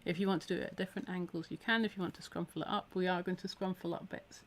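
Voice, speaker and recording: A woman's voice: fairly low pitch, fairly even intonation, racing. A Scottish woman giving a live needle felting tutorial in a chatty, encouraging way, her voice a little tired from a week of talking. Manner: chatty, encouraging, talks while working. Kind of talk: live-streamed craft tutorial.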